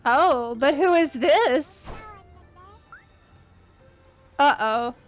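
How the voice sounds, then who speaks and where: A woman's voice: high voice, slow, long pauses, soft background music. A woman streamer chatting casually with teammates while gaming, playful and giggly. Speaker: game streamer.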